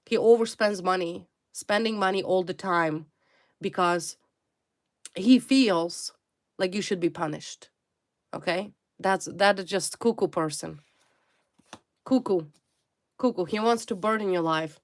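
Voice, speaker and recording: A woman speaking at a mid pitch gives a tarot reading straight to the viewer. She presses hard on her points and circles back to the same blunt words again and again. Her English phrasing has a non-native ring to it. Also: lively intonation, measured pace, long pauses. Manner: emphatic and repetitive, hammering single words. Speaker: tarot reader.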